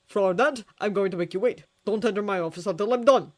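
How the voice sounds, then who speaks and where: Woman reading a gruff, harried police inspector. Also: mid-range voice, fast talker, natural voice. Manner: gruff, snappish. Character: harried, grumbling middle-aged male police inspector.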